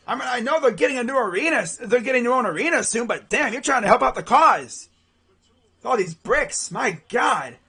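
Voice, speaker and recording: A young man calls a basketball game live from his home setup, his high, husky voice leaping all over the place as he reacts. He talks in loose slang and gets loud and heated whenever a shot misses. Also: normal speed. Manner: excitable, slangy, yells at missed shots. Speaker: play-by-play streamer. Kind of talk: live sports play-by-play reaction.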